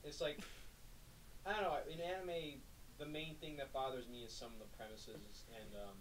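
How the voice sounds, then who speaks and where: A man's voice: mid-range voice, fairly even intonation, moderate pace. A young man chatting with a friend on a stream, mocking things by mimicking over-the-top voices. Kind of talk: casual chat. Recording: distant mic with faint noise.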